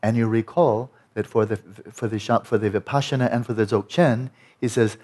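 A man's voice: steady tone, normal speed, few pauses, a little mellow, slightly rough. A man teaching a meditation retreat, giving a dharma talk in an emphatic, conversational way. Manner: emphatic, conversational, rises in pitch to stress points.

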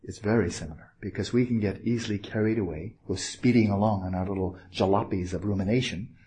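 Male meditation teacher, low mellow voice, gentle and playful, unhurried retreat talk. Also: slight background noise. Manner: gentle, playful, with pauses and asides.

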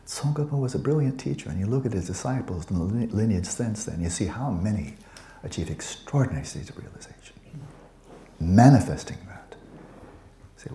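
A man's voice: on the low side, brisk, warm tone, echoey room, slight background noise. A man teaching Buddhism to students in a conversational, digressive way with playful asides. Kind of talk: dharma talk to students.

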